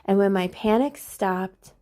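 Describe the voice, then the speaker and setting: A woman's voice: medium pitch, a little slow, dark tone. A middle-aged woman hosting a podcast, talking earnestly and confidingly about her own life and repeating phrases for emphasis. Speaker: podcast host. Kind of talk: personal reflective monologue.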